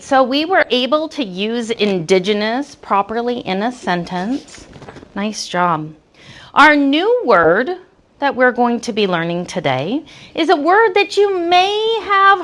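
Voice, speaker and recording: A woman teaching a classroom lesson, talking slowly and patiently with encouraging praise. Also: high-pitched, a bit bright. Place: school classroom.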